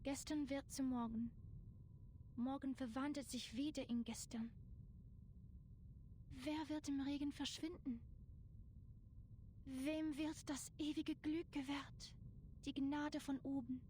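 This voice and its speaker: A solemn poem-reciting game heroine. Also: female voice, sits high, fairly even intonation, a little mellow, slight background noise. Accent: German. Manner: slow, solemn, incantatory.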